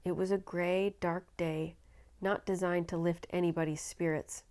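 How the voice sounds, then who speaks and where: A woman reading a children's novel aloud, narrating in an expressive, dramatic way. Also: lowish voice, a little slow. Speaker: storyteller. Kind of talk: children's book read-aloud.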